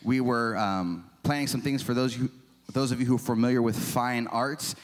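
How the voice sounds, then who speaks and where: A pastor in his forties preaches a sermon in a church sanctuary, using a mid-range voice at normal speed. He's chatty and self-deprecating, asking lots of rhetorical questions, and the church hall adds a long reverb.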